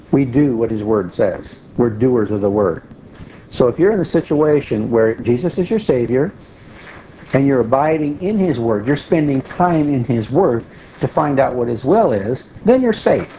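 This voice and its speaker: A man's voice: medium pitch, expressive, measured pace, warm tone. A man giving a conversational Bible teaching, explaining patiently and repeating key phrases for emphasis. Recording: dull lo-fi recording with faint hiss.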